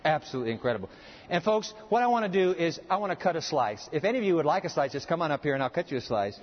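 A man preaching a sermon with a live demonstration, folksy and animated, joking with the audience in a church hall. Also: a little high, rapid-fire, a little hiss or hum. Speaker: pastor. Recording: dull, long-reverb hall sound.

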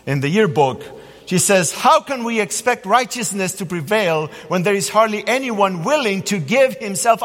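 A man preaching a sermon as a pastor, telling stories in an animated way. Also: sits high. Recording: long hall reverb.

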